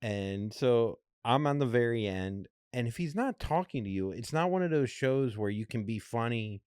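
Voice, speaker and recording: A man's voice: mid-range voice, normal speed, clear, resonant tone, dry recording, clean studio sound. A man co-hosting a podcast, telling a story in a casual, jokey way and acting out what people said. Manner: animated, jokey, acts out quotes in other voices. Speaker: podcast co-host.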